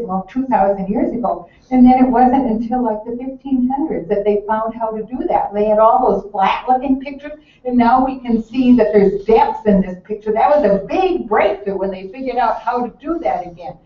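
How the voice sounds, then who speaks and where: An excitable woman with a somewhat high voice gushes over her book picks to an audience. The recording is lo-fi and dull, caught from a distance in a roomy hall, with faint noise underneath. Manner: animated, gushing, laughs often. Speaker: presenter recommending children's books. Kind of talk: enthusiastic book talk to an audience. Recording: echoey hall from far off, dull lo-fi.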